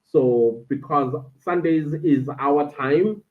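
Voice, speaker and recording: A woman's voice: low-pitched, takes it slowly. A woman with a South African accent hosts a casual live stream, talking animatedly to her viewers and reading out chat comments from indoors. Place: friend's indoor den at home. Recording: tinny, phone-like stream audio.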